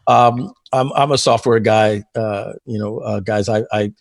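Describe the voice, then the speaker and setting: A man in his fifties, a guest telling long stories in a casual interview, rambling with many fillers and frequent throat-clearing. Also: lowish voice, fairly even intonation, a little slow, no echo. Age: 50s. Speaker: guest, software entrepreneur.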